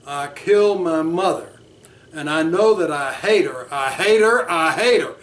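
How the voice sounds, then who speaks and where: A man's voice: high voice, normal speed, a bit bright, far from the mic. A man voicing an enraged, defiant young male graduate student who insists on his hatred. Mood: furious.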